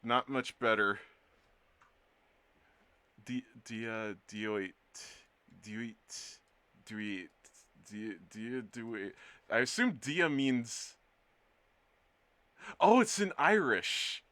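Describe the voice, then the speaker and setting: Slow, bright-voiced man chatting on stream. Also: mid-range voice, expressive. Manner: playful, rambling, jokes with chat. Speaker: art streamer. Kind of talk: casual live-stream chat.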